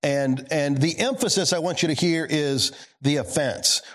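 A male pastor giving a sermon, swinging between emphatic lines and low quiet asides, putting questions to the congregation. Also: normal speed.

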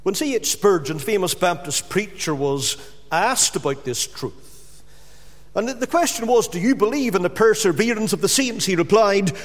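A man preaching a sermon, stressing key words slowly and then dropping his voice to a hush. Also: high voice, lively intonation, in a large hall. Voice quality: emphatic, with drawn-out stressed words and sudden drops to a hush.

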